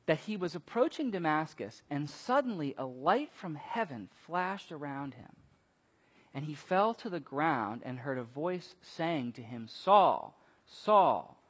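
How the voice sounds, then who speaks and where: A man preaching a sermon, telling stories and acting out quotes with sudden loud bursts. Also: fairly high pitch, husky. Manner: animated storytelling, acts out quotes with big swings in loudness. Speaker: pastor. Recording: long reverb of a large hall.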